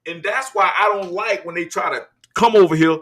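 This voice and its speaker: A man hosting casual reaction commentary. He talks in an animated, slangy way and addresses the audience as "y'all.". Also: sits high, a little fast. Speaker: podcast host.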